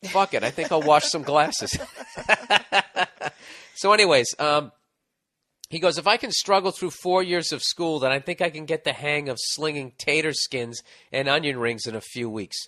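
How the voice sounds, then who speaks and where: A middle-aged man with a slightly high, sharp voice speaks at normal speed, with no echo. He hosts a casual podcast, reading a listener's advice letter amid profane rants and stories.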